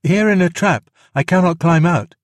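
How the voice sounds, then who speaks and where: A man's voice: medium pitch, normal speed, darkish tone, no echo, close to an everyday voice. A man voicing an earnest young jungle boy in a storybook reading, with a raised, eager voice.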